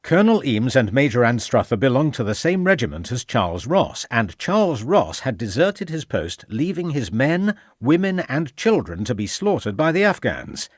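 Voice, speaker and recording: A firm, probing inspector, as read by a man who presses his questions hard and gives orders without hesitation. His delivery rises and falls with lively emphasis, recorded close and completely dry. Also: on the low side, normal speed, no echo. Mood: pressing. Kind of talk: audiobook character voice.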